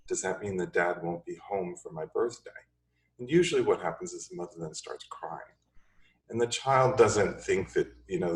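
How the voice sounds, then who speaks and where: A man with a very low voice tells stories in a calm, measured lecture. He sits well away from the microphone. The room around him echoes. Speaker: pediatrician speaking on child grief. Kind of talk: recorded lecture. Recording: echoey room, far from mic.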